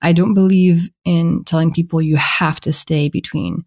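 A woman with a French accent speaks in a somewhat low voice as a podcast guest. She explains her ideas patiently and gently, with an earnest tone. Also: steady tone, normal speed. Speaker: guest author. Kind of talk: podcast interview.

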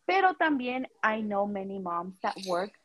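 A woman's voice: medium pitch, very animated, normal speed, a bit bright, rough recording. A woman and mother chatting casually, mixing English and Spanish in an encouraging, reflective way. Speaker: podcast co-host, stay-at-home mom. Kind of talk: casual chat.

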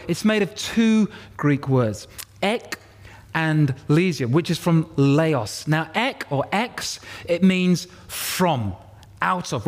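A man preaching a sermon to a congregation, explaining scripture and having the crowd repeat words back to him. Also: a little high. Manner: expository, leads congregation call-and-response. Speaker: pastor. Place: church.

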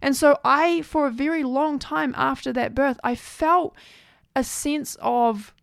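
A woman's voice: sits high, steady tone, a little slow, creaky, no echo, clean studio sound. A woman host telling a personal story in an earnest, chatty way, often saying "like".

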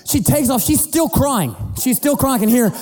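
A middle-aged man preaching as a pastor, telling a family story in an animated, playful way and acting out the voices. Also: very high-pitched, normal speed. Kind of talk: sermon storytelling. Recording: long hall reverb with faint music.

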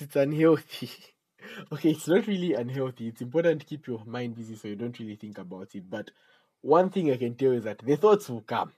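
A man hosting a casual solo podcast and giving chatty advice. He jokes as he talks, laughs at his own asides, and breaks into sudden animated outbursts. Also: slightly rough, low-quality recording. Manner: animated outbursts with sudden high pitch jumps. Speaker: podcast host.

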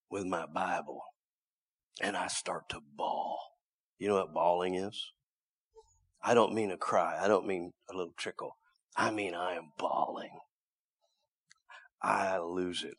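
A male preacher telling a story in a sermon, dramatic, swinging from loud cries down to hushed whispers. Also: low-pitched, slightly rough.

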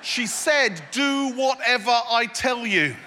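A man's voice: extremely high pitch, lively intonation, slow pace, sharp tone, a little hiss or hum, exaggerated voice. A man voicing an exasperated man scolding a servant in a sermon. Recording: echoey hall.

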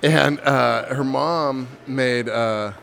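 Male co-host, gravelly and casual, relaxed storyteller. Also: mid-range voice, very slow. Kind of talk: casual chat.

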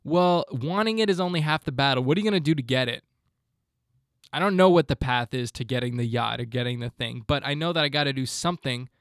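A man's voice: medium pitch, fast talker, clear, resonant tone, dry recording, studio quality. A man in his twenties hosting a solo podcast, talking in a fired-up, motivational ranting way. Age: 20s. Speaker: podcast host.

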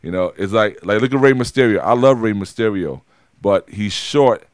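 A man with a fairly low voice talks through a casual podcast chat, circling back and restarting his sentences as he goes. The sound is dry and close, with no room around it. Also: moderate pace, no echo. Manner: rambling, many restarts and repeats. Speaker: podcast co-host.

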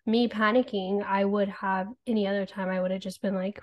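A woman's voice: medium pitch, fairly even intonation, fairly quick, hardly any pauses, a little mellow. Mom in her thirties co-hosting a podcast; candid, rambling, swears freely. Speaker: podcast co-host. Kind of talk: casual chat.

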